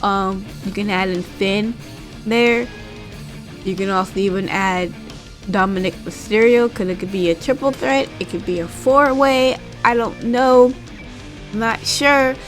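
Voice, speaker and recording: A woman talks in a relaxed, chatty way, spilling details with plenty of filler words. She breaks into little acted-out quotes as she goes. Faint guitar music plays quietly in the background. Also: mid-range voice, a little slow. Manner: animated recapping, acting out quotes, frequent fillers. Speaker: wrestling commentary vlogger. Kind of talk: casual chat.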